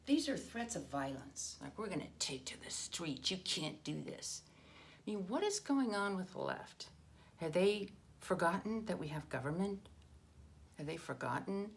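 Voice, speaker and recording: A woman's voice: sits low, slight background noise. A woman hosting her own political commentary show, talking in an emphatic, indignant way with frequent restarts. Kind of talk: casual political monologue.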